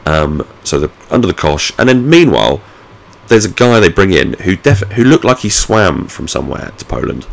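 A man's voice: low-pitched, big pitch swings, normal speed, vocal fry. A man vlogging from home, telling a rambling anecdote in casual, sweary, self-mocking talk. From United Kingdom. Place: at home, indoors.

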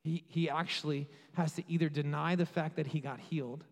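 A man preaching a sermon with passion, rising to loud peaks and dropping to quiet asides. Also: on the high side, steady tone, a little fast. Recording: long hall reverb.

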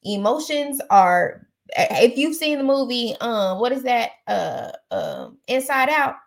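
A woman hosting a casual chat podcast, outspoken and emphatic, repeating phrases to drive a point home. Her voice sits fairly high and has a gravelly, fry-tinged edge. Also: big pitch swings, measured pace. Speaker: podcast host. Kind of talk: casual chat giving advice.

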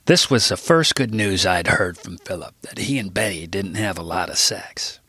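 A man reading his own book aloud in a wry, deadpan narration. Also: deep voice, moderate pace, slightly rough, dry recording. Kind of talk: audiobook narration.

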